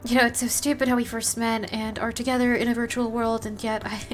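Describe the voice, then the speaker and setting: A woman's voice: a little high, level tone, fairly quick, natural voice. A woman playing a feisty, foul-mouthed elf hacker. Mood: tender, tearful. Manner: swearing, teasing banter with laughs. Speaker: voice actor. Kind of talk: listener-addressed audio role-play.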